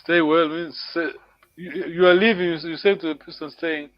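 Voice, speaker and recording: A man teaching a language lesson over a video call, patiently repeating words slowly and chuckling often. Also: fairly high pitch, fairly even intonation, dry recording, highs cut off. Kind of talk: live online language lesson.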